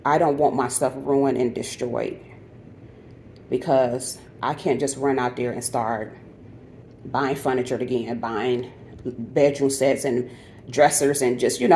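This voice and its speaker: A woman's voice: rumbling low, warm tone, a little hiss or hum. A middle-aged woman vlogging from her apartment, talking earnestly and directly to her viewers about feeling tired and frustrated. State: weary and frustrated. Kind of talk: candid personal vlog.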